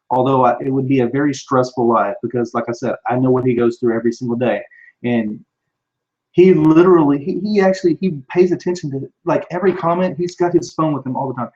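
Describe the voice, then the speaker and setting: A man's voice: mid-range voice, fast talker, darkish tone, highs cut off. A man, probably in his thirties, hosting a live show and answering viewer questions in a casual, rambling way with many restarts. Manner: rambling, with frequent restarts and fillers. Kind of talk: casual live-stream chat. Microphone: computer microphone.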